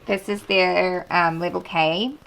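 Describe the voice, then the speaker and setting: A woman's voice: fairly low pitch, steady tone, slow, creaky, a bit bright. A woman narrating a casual home vlog as a homeschooling mother, chatty and self-deprecating, often laughing. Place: busy family home. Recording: noisy home background.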